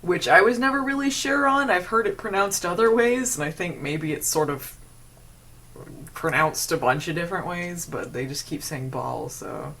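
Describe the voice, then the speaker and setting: A woman's voice: lowish voice, moderate pace, fairly bright tone. A young adult woman hosting a casual podcast chat, talking loosely and swearing freely. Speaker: podcast host.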